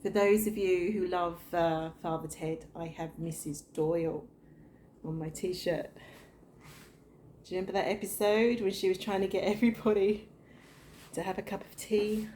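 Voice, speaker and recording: A middle-aged woman talks her viewers through a home cooking demo in an easy, chatty way. Her voice sits a little low and sounds soft and mellow. It is picked up by a camera on the kitchen counter, with a faint hiss underneath. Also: fairly even intonation, moderate pace. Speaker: cooking vlogger. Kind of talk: casual cooking demonstration.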